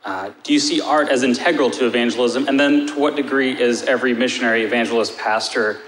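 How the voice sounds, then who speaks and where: A man's voice: mid-range voice, steady tone, quick pace, fairly bright tone. Earnest man asking a question in a hall. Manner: earnest, long-winded question. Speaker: audience member asking a question. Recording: echoey hall with faint noise.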